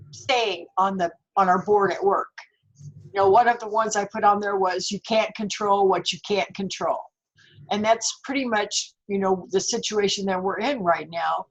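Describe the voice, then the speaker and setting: A woman sharing in a casual, relaxed, plain-spoken way on a group call. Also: medium pitch, rough recording. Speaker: participant.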